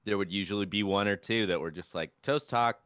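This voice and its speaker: A man co-hosting a podcast in relaxed casual chat, laid-back with plenty of filler words. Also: fairly low pitch, a little fast, clear, resonant tone, no echo, studio quality. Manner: laid-back, lots of uh and you know. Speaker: podcast co-host.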